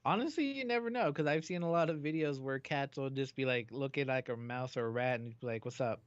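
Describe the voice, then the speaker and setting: A man's voice: medium pitch, fairly quick, clean tone. A male co-host tossing in short, easygoing replies during casual chat. His voice comes through dull and lo-fi, with a dry, close sound and no room echo.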